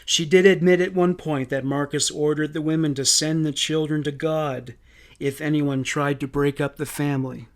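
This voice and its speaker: Brief: male true crime narrator, measured and somber, slightly high voice. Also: steady tone.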